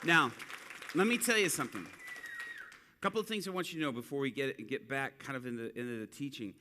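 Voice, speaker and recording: A man's voice: mid-range voice, fairly quick, some chatter behind. A man preaching to a church, telling a street-ministry story and acting out the people in it. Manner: animated storyteller acting out quotes. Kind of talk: sermon storytelling.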